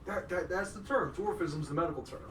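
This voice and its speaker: A man's voice: on the high side, brisk, over a noisy crowd. A man in his twenties co-hosting a podcast, cracking jokes and laughing often. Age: 20s. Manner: joking, wisecracking, laughs a lot. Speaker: podcast co-host. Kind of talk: casual chat. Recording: roomy, distant mic with faint hiss.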